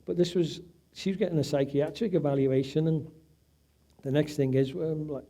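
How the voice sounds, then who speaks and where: At an event, a middle-aged man whose wife is a patient delivers an emotional personal account, voicing the people he quotes. His voice is on the high side and mellow, with fairly even intonation and normal speed.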